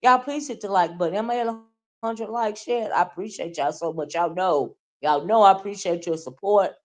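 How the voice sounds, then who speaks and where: A woman's voice: on the low side, a little fast, darkish tone. A woman hosting a livestream, ranting casually and talking straight to her viewers, often checking in with "right?" and "okay?". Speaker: livestream host. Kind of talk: casual livestream rant, reading chat.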